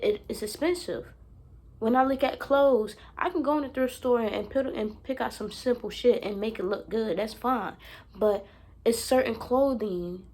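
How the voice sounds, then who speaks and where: In a fairly high, slightly mellow voice, a young woman vlogs about self-help in a loose monologue, cursing freely, being blunt, and hammering her points through repetition.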